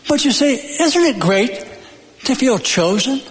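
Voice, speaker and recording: Male pastor preaching, slow and emphatic, high-pitched, church reverb. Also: big pitch swings. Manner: emphatic, repeats phrases with dramatic pauses; folksy and joking. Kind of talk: sermon. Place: church sanctuary. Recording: long hall reverb.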